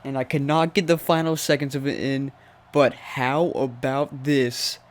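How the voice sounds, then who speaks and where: A young man giving casual play-by-play commentary over a football video game, talking to the teams on screen and jumping high when surprised. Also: flat delivery, measured pace, slight background noise. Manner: chatty, talks to the teams on screen. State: voice cracking. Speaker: gaming commentator.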